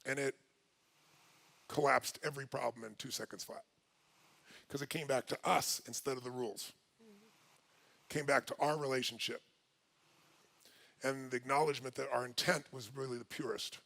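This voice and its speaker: A man telling a personal story to an audience, lively and exclaiming at times, then dropping to quiet, earnest talk. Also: medium pitch, moderate pace, gravelly, long pauses.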